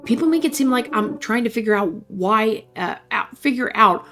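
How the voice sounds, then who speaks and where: A woman's voice: fairly high pitch, animated, normal speed, pushed and bright. A woman voicing an earnest young man who speaks hesitantly and doubts himself, while reading interactive fiction aloud. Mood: troubled. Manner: hesitant, self-doubting, stumbling. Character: earnest, unsure young man, anxious and questioning.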